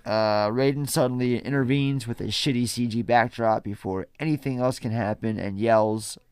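A man's voice: mid-range voice, steady tone, moderate pace, darkish tone, smooth, no echo, clean studio sound. A man hosting a podcast, casually recapping a film from his notes with a wry, profane manner. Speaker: podcast host.

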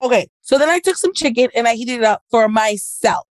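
Woman, casual podcast storyteller, lively retelling, dry mic. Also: fairly high pitch, fairly quick, no room sound. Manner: animated storytelling, acting out both sides. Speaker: podcast co-host. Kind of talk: casual chat.

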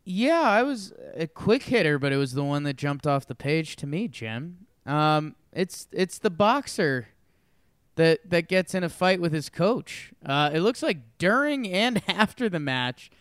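Guy chatting on a podcast, kinda high clean voice, dry sound, does little voices. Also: measured pace, clear, resonant tone, no room sound. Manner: animated, acts out quoted voices. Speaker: co-host. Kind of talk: casual chat.

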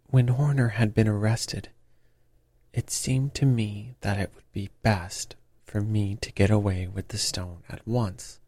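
Man doing a frightened young male thief, higher and pleading, dry close mic. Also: mellow, no room sound. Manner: pleading, shrill, desperate. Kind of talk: audiobook character reading.

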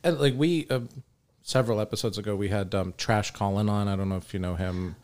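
A man co-hosting a podcast, chatting casually and dropping quick joking asides. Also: fairly low pitch, a little mellow. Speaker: podcast co-host. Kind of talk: casual chat.

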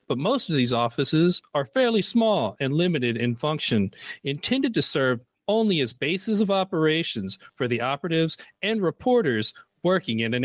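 A man's voice: fairly high pitch, no echo. A man putting on a formal newscaster voice. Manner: polished transatlantic-style delivery. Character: adult male news anchor, formal and measured. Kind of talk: mock broadcast newsreading.

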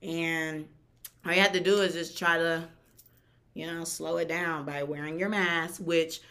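A young woman co-hosting a podcast in casual chat, chatty and animated, often laughing. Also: sits low, measured pace. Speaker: podcast co-host.

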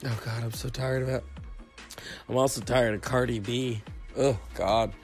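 A man's voice: mid-range voice, steady tone, normal speed, faint music behind. A man sick with a cough, ranting casually and sarcastically with lots of profanity as the host of a solo talk show. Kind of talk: casual rant.

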